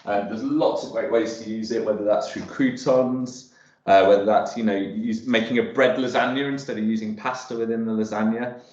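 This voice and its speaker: A man's voice: lowish voice, fairly even intonation, moderate pace, a little mellow. Chatty man hosting a video-call cooking demo. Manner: chatty, rambling, many ums and restarts. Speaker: online cooking workshop host. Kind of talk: casual live cooking demo talk. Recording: roomy, dull video call audio.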